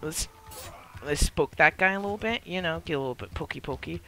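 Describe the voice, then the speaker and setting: A gamer playing a multiplayer beta gives live commentary, swearing constantly, blurting frustrated outbursts at enemies, and admitting he's new to the game. His voice is a little high and brisk, with lively intonation and a gravelly, pushed, bright quality.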